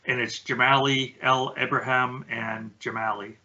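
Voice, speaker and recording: A man's voice: medium pitch, little pitch movement, measured pace, pushed and bright, dull audio. A man co-hosting a podcast, casually explaining research findings step by step. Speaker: podcast co-host. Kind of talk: casual conversational chat.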